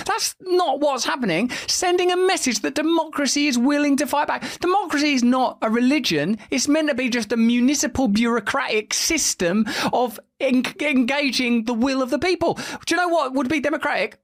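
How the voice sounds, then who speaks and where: A man rants through news clips in a sarcastic, mocking way, and his pitch swings widely as he talks. He swears casually and sounds like a podcast host doing running commentary. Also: expressive, moderate pace, few pauses, a bit bright.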